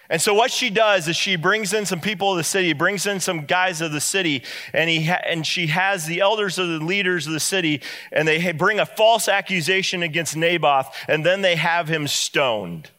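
A male preacher delivers a sermon and retells a Bible story in an animated way. He voices the characters as he goes. His voice is bright and a bit raised in pitch, and it rings out with a long hall reverb. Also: normal speed.

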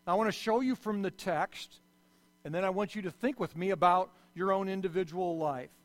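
A man, a pastor, preaching a sermon, his loudness swelling and dropping sharply as he speaks. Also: high-pitched, a little fast. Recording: long hall reverb.

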